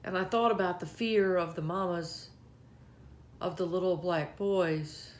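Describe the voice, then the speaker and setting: A woman speaking in an earnest, heartfelt way, giving a reflective devotional talk with scripture readings, often pausing and restarting. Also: fairly low pitch, steady tone, a little hiss or hum. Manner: earnest, heartfelt, halting with pauses.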